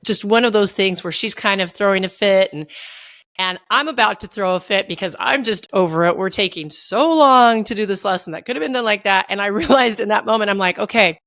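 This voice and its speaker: A woman's voice: medium pitch, brisk, a bit bright, dry recording, studio quality. A woman hosting a podcast interview, chatting in a relatable way and sharing personal parenting stories. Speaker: podcast host. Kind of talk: casual interview chat.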